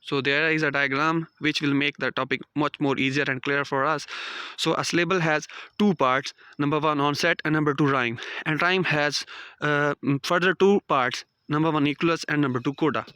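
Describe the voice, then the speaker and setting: Young male student from Pakistan explaining syllables; bright, smooth voice, dry close sound. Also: a little high, steady tone, normal speed, dry recording. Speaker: student presenter. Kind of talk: class presentation on pronunciation.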